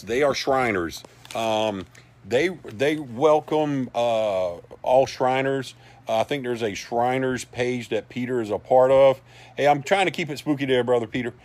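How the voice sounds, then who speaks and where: A man hosting a livestream, rambling through a story in a folksy way and reading out viewer comments. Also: mid-range voice. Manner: rambling and folksy, with many asides. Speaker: livestream host for a paranormal society.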